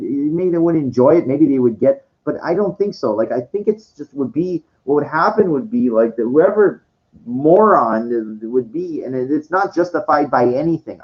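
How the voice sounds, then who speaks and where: A man talks through a loose, rambling monologue, cursing freely and tripping over his own sentence starts. His pitch swings widely as he goes. The recording sounds dull and lo-fi. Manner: rambling, profane, many restarts and fillers. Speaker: vlogger.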